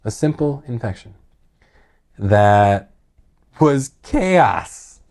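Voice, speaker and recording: A man's voice: medium pitch, sing-song, extremely slow, a little mellow. A middle-aged man telling a personal story in casual, earnest talk, rambling with many restarts and filler words.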